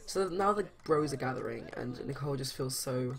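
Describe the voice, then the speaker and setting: A young woman with an extremely low voice hosts a let's play of a life-sim game, speaking at a moderate pace. Her casual commentary is chatty, rambling and full of fillers, with a crowd in the background.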